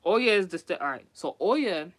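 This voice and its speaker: A man's voice: high voice, animated, normal speed, a bit bright. A man telling a story in a casual vlog, chatty and profane, laughing often and restarting his sentences. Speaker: vlogger.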